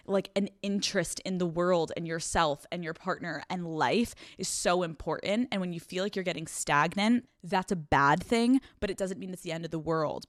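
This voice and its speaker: A woman's voice: on the low side, no echo, clean studio sound. A young woman hosting an advice podcast, talking bluntly and swearing freely, running on no sleep. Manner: blunt, profane, animated; acts out scenes with quoted voices. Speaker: podcast host.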